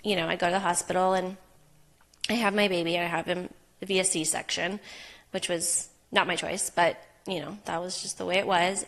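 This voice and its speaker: A woman's voice: mid-range voice, fairly bright tone. A young woman candidly telling a personal story as a podcast guest, with frequent fillers and heartfelt asides. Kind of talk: personal story in casual interview.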